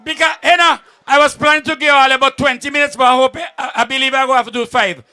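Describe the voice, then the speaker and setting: A man with a Vincentian accent telling jokes at an outdoor event, a lively storyteller who laughs as he goes. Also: very high-pitched, quick pace, some chatter behind. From St Vincent and the Grenadines. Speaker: comedian at a political event. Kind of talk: joke telling.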